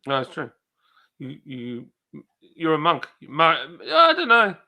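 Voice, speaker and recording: A man's voice: a little high, huge pitch swings, a little slow, sharp tone. A man hosting a casual livestream, chatting and reading viewers' comments aloud in a rambling way. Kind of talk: casual chat.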